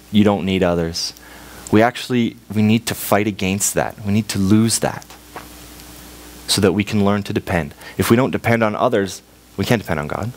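A young man from Canada preaching a sermon in church, telling a parable and acting out its voices. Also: low voice. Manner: storytelling, acts out voices in a parable.

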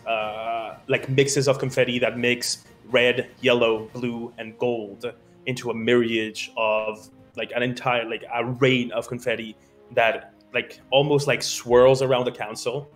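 A man runs a tabletop game, narrating scenes in a loose, chatty way. He speaks at a middling pitch and leans on fillers as he paints each moment. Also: flat delivery, normal speed, fairly bright tone, faint music behind. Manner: casual, loose, many fillers. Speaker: game master.

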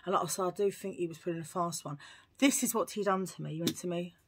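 A woman vlogger telling a story to camera in a chatty, animated way, full of asides. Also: lowish voice, fast talker, slight background noise.

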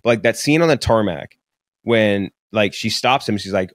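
Casual podcast co-host, young male, lowish voice, rambly and profane, dry close mic. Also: fairly quick, dry recording. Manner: rambling, filler-heavy, profane. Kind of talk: casual movie review chat. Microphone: studio podcast mic.

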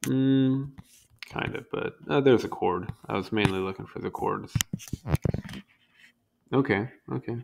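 A man's voice: on the low side, a little slow, creaky, long pauses, background noise. A young man casually reading an encyclopedia article aloud, stumbling over hard words and adding wry asides. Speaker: reader.

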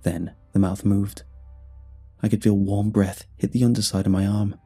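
Dark, husky male horror narrator. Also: level tone, faint music behind. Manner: measured, dramatic reading with sudden pitch lifts. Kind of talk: scripted first-person horror narration.

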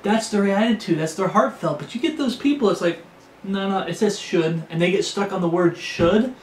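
A man's voice: high voice, moderate pace. A man preaching a sermon, earnest and repetitive, often restarting his phrases. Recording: echoey room with faint background noise.

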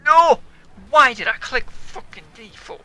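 A young man, a gaming YouTuber, giving loud, excitable commentary on his own play, yelling, swearing and laughing. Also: very high voice, measured pace, a little hiss or hum.

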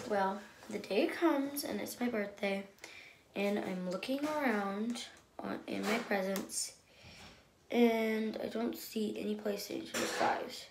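A young woman telling a story at an unhurried pace with a fairly high voice. She is chatty and excitable and fills her speech with likes. A faint hiss runs under the recording. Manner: chatty, excitable, many fillers. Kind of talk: casual storytime.

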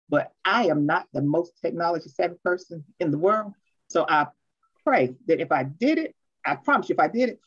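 Older woman presenter, chatty and quick, on a muffled video call line. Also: sits low. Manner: fast-talking, chatty and self-deprecating. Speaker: workshop presenter. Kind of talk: online teacher training workshop. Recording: dull lo-fi video call audio.

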